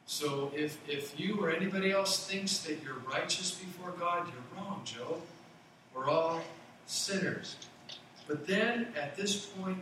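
A man's voice: fairly high pitch, a bit bright, a little hiss or hum. A man preaching a sermon as a pastor, conversational, with playful asides. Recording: roomy echo from far off.

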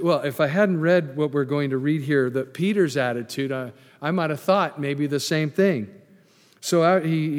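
A male pastor preaches in a chatty, down-to-earth way and drops in humorous asides. His voice sits a bit high for a man. The sound carries a long reverb, as in a large church hall. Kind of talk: sermon.

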